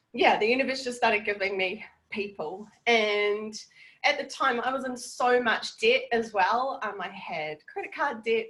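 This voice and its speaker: A woman's voice: on the high side, fairly bright tone, poor audio. A woman from New Zealand with a New Zealand accent, giving a heartfelt, gushing testimonial on a group video call and swearing casually. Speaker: network marketing team leader.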